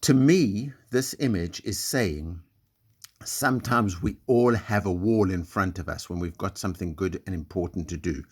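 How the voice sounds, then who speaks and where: Low-voiced man encouraging young children. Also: normal speed, husky. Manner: gentle, encouraging, speaks simply to young children. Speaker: school assembly leader. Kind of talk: recorded school assembly talk.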